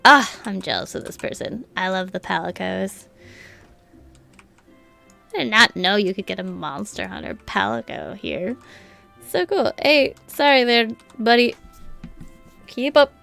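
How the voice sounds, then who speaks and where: A woman's voice: medium pitch, lively intonation, measured pace, gravelly, long pauses, sharp tone, soft background music. Chatty, teasing woman gamer. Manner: chatty, teasing, laughs often. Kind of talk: casual let's-play commentary.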